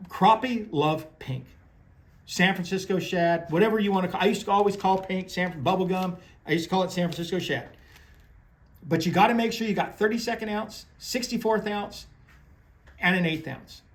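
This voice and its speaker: High-voiced rambling fishing man. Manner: rambling storyteller, many restarts, folksy phrasing. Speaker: fishing guide and tackle presenter. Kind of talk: casual talk on crappie fishing.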